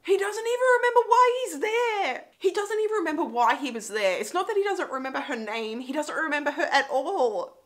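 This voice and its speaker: A woman's voice: sits high, animated, a little fast, hardly any pauses. A woman hosting a movie reaction, talking emotionally and exclaiming over what she sees. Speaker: host. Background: film audio and music.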